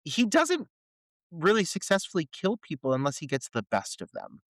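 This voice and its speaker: An animated man co-hosting a film podcast, his pitch a touch high and swinging widely as he riffs. He swears freely and jokes wryly. The sound is dry and close. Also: normal speed, no echo. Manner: animated, profane, wry. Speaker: podcast co-host. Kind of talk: casual film review chat.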